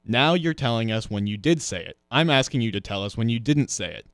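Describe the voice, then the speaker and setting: A man's voice: mid-range voice, expressive, brisk, no room sound, studio quality, natural voice. A man reading as a badgering, angry colonel. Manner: impatient, badgering. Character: irritable, pompous male colonel.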